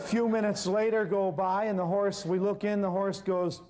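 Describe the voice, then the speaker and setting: A man telling an animated story to an audience, acting out the people in it as he goes. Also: high voice. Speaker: herbal healer telling a story on stage. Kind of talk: storytelling lecture.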